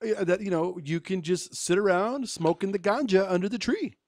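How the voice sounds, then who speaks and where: A man co-hosting a talk radio show, wisecracking in animated banter. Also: high-pitched, moderate pace, no room sound, clean studio sound.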